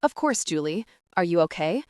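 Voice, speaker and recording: A woman's voice: sing-song, normal speed, darkish tone, dry recording, clean studio sound. A woman voicing an anxious, earnest teenage girl who turns apologetic and flustered, with words tumbling out, in an audiobook. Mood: contrite. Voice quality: voice rising squeaky when flustered. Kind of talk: audiobook character reading.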